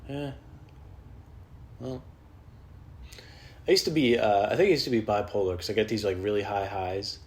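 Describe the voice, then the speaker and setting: A stand-up comedian talks at normal speed with long pauses on his solo podcast at home. Off the cuff and profane, he mocks himself through rambling comic stories, jumping into high, loud put-on voices when he quotes others.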